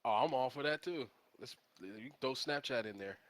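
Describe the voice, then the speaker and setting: A man's voice: medium pitch, moderate pace, fairly bright tone, no room sound. A man in a casual market chat, loose and hesitant, with fillers and lost words.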